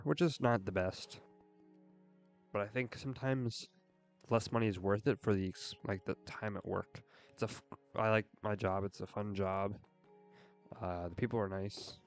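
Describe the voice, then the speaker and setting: Young man, low-ish voice, earnest, rambling, casual gaming stream chat, soft music underneath. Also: normal speed. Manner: earnest, rambling, with frequent "like" fillers.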